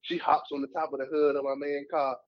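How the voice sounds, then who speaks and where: A man's voice: a little high, level tone, a little fast, lo-fi sound. A young man co-hosting a podcast, telling a story in casual, slangy, profane speech. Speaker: podcast co-host.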